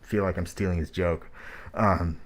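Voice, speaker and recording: A man's voice: deep voice, fairly even intonation, normal speed. A man hosting track reviews in casual spoken critique, talking in a blunt, rambling, profane way, his voice muffled by a mask. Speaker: host reviewing rap tracks.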